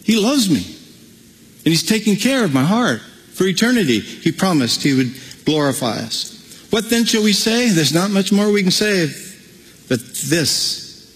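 A man preaching a sermon as pastor, animated, breaking into playful acted-out asides. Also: sits high, measured pace, big-room sound, rough recording.

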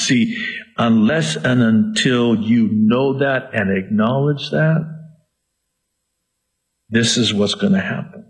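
A male pastor preaching a sermon in an emphatic, theatrical way, swinging between quiet and loud. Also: mid-range voice, takes it slowly, pauses often.

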